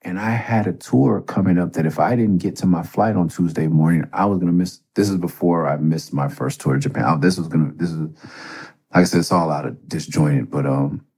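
A man's voice: deep voice, brisk, darkish tone, husky. A middle-aged man hosting a podcast, telling a story in a casual, profane, rambling way. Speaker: podcast host.

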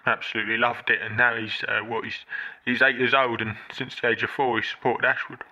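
A man's voice: medium pitch, little pitch movement, a little fast, bright, forceful tone. A man playing a despairing caller on a muffled phone line. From Kent. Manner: mumbling, self-pitying, trailing off. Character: heartbroken middle-aged male football fan caller, a father.

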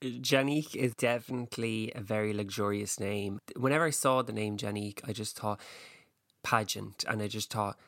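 A man's voice: on the low side, steady tone, moderate pace, a bit bright, no echo. A man co-hosting a podcast, chatting casually with dry, teasing humor. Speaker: podcast co-host. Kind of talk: casual chat.

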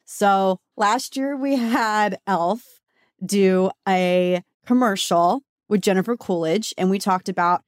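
Woman cohost chatting about beauty news, super chatty, dry close mic, middle pitch. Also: slow pace, no echo. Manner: chatty, gets emotional and laughs through tears. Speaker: podcast co-host. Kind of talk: casual chat.

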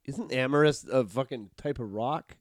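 A man hosting a casual comedy podcast, loud and profane, laughing often and slipping into joking accents. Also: mid-range voice, moderate pace, no room sound, studio quality. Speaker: podcast host.

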